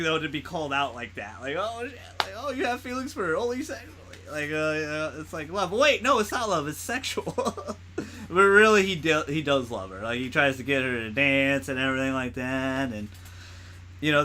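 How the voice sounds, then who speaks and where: Bright-voiced young man chatting casually. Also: a little high, a little hiss or hum. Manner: rambling, laughs often, swears. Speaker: podcast co-host. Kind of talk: casual movie chat.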